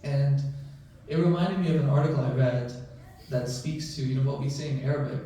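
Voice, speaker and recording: With a mid-range, warm voice and fairly even intonation, a male physician talks briskly to a mosque audience. He keeps checking in with "right?" and "you know," sounding distant in the echoing prayer hall.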